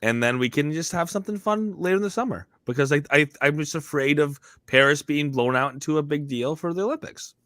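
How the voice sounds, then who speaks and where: A man's voice: on the high side, brisk, hardly any pauses, fairly bright tone, no echo, clean studio sound. A man co-hosting a casual podcast chat, playful, often restarting his sentences. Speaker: podcast co-host.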